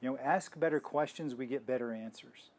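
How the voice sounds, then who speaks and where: A man's voice: medium pitch, a little fast. A man teaching in a casual faith talk, rambling with restarts and telling stories. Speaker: health ministry teacher.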